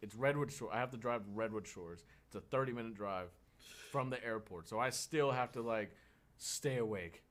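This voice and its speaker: A man's voice: fairly low pitch, normal speed. A man in a casual podcast chat, telling a story with lots of laughing and swearing. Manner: animated, laughing, swearing a lot.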